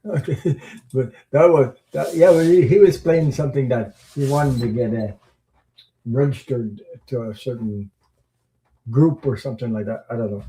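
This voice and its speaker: A man hosting a tarot livestream, chatting casually with viewers in a rambling, halting way, with many fillers and chuckles. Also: mid-range voice, dark tone, rough recording. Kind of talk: casual livestream chat reading viewer comments.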